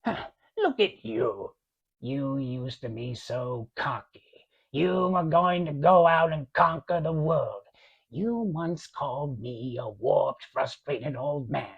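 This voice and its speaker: A man's voice: a little high, vocal fry, husky, heavily acted. A man doing an impression of a cold, mocking rich old man who relishes his insults, in a dull, muffled recording. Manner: slow, scornful, relishes insults. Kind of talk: voice impression of a film scene.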